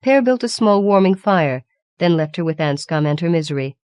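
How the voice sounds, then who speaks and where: A woman narrates a fantasy audiobook with a deep, low voice for a woman. Her reading is measured and even, recorded dry and close with no room sound. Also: smooth, dry recording. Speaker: audiobook reader. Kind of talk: scripted narration.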